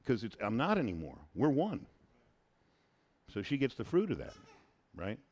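A married man hosting a casual faith-based chat, who talks in an animated, preachy way and repeats phrases for emphasis. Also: mid-range voice, moderate pace. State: married, has a son.

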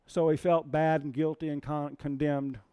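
A man's voice: on the high side, little pitch movement, normal speed, dark tone, clean tone, dry recording. A man preaching a sermon, telling a story and asking the audience questions.

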